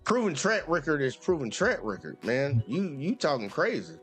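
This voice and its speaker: High-voiced profane male host. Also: sing-song, normal speed, music in the background. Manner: blunt, profane, talks over the caller. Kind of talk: heated call-in debate.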